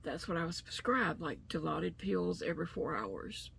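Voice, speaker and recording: Gravelly-voiced woman vlogging to camera. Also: fairly low pitch, very animated, moderate pace, a bit bright, a little hiss or hum. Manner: rambling, many fillers and restarts. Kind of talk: casual talk to camera.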